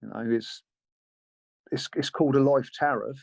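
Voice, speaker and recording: A man talking as a guest in an interview, telling his story in a measured, sober way. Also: medium pitch, fairly even intonation, gravelly, darkish tone, dry recording. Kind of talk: interview conversation. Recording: dull lo-fi sound.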